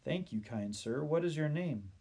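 A man's voice: on the high side, lively intonation, normal speed, creaky, warm tone, husky, heavily acted. A man voicing an honest, eager young boy in a storybook reading.

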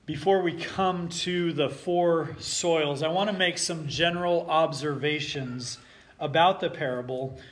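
A man preaching a sermon as pastor, earnest and deliberate, with emphatic phrasing. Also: fairly high pitch.

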